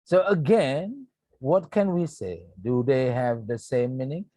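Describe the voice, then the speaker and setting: A native Indonesian speaker with an Indonesian accent teaches his students an English grammar lesson in a recorded online class. His voice is mid-range with a dark tone, and the audio is poor with no echo. He explains slowly and deliberately, repeating points and saying "yeah" often.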